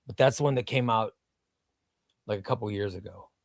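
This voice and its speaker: A man's voice: lowish voice, brisk, vocal fry, no room sound. Rambling man hosting a comics livestream. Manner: rambling, restarts sentences, reads chat comments aloud. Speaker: comic book livestream host. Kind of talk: casual live-stream chat. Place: home room.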